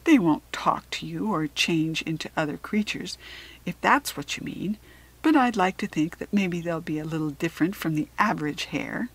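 A woman reading the part of a wise, kindly male magical hare in a children's storybook, in a gentle, soft-spoken way. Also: fairly low pitch, expressive, moderate pace, breathy edge, low-quality recording.

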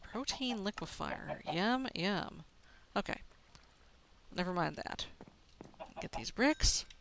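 A woman's voice: medium pitch, lively intonation, takes it slowly, creaky, fairly bright tone, a little hiss or hum. A woman casually commenting on her own gameplay, talking to herself and laughing at her mistakes. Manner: chatty, self-narrating, laughs at mistakes. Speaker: let's play gamer.

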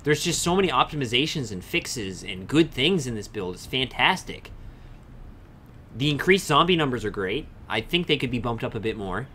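A man's voice: mid-range voice, animated, normal speed, pushed and bright, a little hiss or hum. A young man chatting casually with viewers on a game livestream, swearing freely and answering chat. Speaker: game streamer. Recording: faint music behind the voice.

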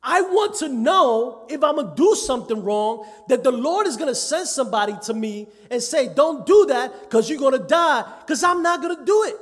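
A church elder delivers a sermon in a strikingly high voice, driving points home by repeating his phrases. He lends quoted speakers their own voices as he goes. The sound carries the long reverb of a church sanctuary on a live stream.

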